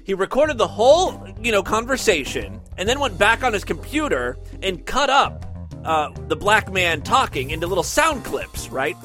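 Lively, bright-voiced male comedy host. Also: high-pitched, normal speed, faint music behind. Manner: joking, mocking, laughs at his own material. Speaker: radio show host. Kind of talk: crude comedy radio talk.

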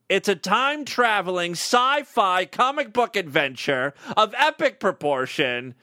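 A man's voice: high voice, sharp tone, no echo. A man hosting a podcast, reading tweets and a story aloud with irreverent commentary and laughter. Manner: irreverent, laughs at own material. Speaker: podcast host.

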